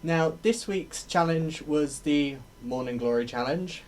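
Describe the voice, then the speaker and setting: A man's voice: on the high side, measured pace. A young man in drag chatting to a camera at home, reviewing a TV episode in a rambling way, often laughing and correcting himself. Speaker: drag vlogger reviewing a TV show. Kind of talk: casual solo video review.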